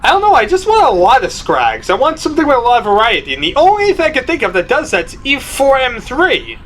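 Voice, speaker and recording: Male gaming host, high voice, hammy mock-terror commentary, noisy recording. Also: wildly swooping pitch, quick pace. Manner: shifts from mumbled planning to loud mock panic. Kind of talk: gameplay commentary.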